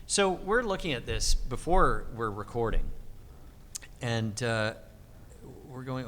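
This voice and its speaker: A middle-aged man telling convention stories as a voice actor, full of energy and acting out every quote. His pitch leaps around, and a faint noise floor runs beneath him. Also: measured pace, big-room sound. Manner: animated, lively pitch swings, acts out quotes. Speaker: voice actor guest. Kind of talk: convention interview storytelling.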